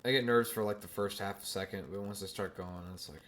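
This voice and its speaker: A man in his twenties, a podcast host telling a story in a casual, animated way, swearing and using slang freely. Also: lowish voice, fast talker, slight background noise.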